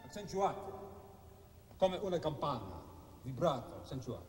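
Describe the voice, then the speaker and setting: An actor playing a Baroque priest-composer coaching young string players with brisk, clipped rehearsal commands. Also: male voice, on the high side, expressive, soft background music, natural voice. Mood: instructing. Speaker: actor in a documentary reenactment. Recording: reverberant hall, heard from afar. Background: loud violin playing.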